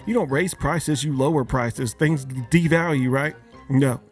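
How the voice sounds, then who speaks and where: A man's voice: mid-range voice, measured pace, faint music behind. A man hosting a podcast, a father of young kids, delivering a joking, casual holiday rant and firing many questions at his listeners. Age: adult, father of young kids. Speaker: podcast host.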